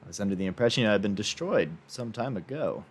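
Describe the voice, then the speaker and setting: A man voicing a pale, haughty male collector who talks in a measured, bargaining way in a tabletop game. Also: fairly low pitch, lively intonation. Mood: wary.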